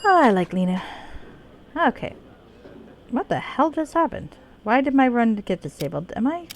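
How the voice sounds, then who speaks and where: A woman's voice: on the high side, sing-song, normal speed, slight background noise. A woman live-streaming a video game, chatting casually, laughing often and reading the game's dialogue aloud in her own voice.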